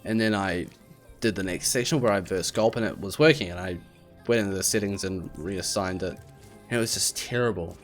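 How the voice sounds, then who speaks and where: A man's voice: sits low, brisk. A man in his twenties rambling casually while commentating his gameplay. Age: 20s. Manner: rambling, chatty, self-deprecating. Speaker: let's play host. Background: game soundtrack music.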